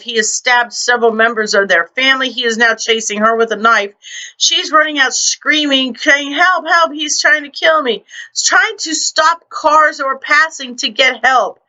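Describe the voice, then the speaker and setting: A woman's voice: high-pitched, pushed and bright, muffled recording. A woman writer hosting her own vlog, ranting in a blunt, profane and indignant way into her computer microphone.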